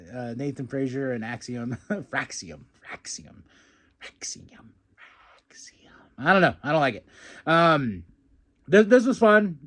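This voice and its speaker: Animated man recapping wrestling episodes. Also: fairly high pitch. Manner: animated, acts out quotes in put-on voices, laughs often. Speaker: podcast host recapping wrestling. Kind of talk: casual recap chat.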